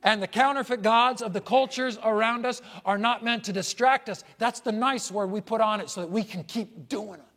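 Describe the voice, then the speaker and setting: A male pastor preaching a sermon, emphatic and repetitive, asking rhetorical questions and swinging from loud declarations to hushed asides. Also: sits high, moderate pace, hardly any pauses.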